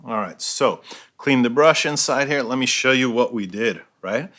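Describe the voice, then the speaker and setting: Male art teacher, bright forceful voice, talks through a painting lesson, habitual "right?" tag. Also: mid-range voice, normal speed. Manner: explains while painting, checks in with frequent "right?". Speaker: art instructor. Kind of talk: step-by-step painting tutorial.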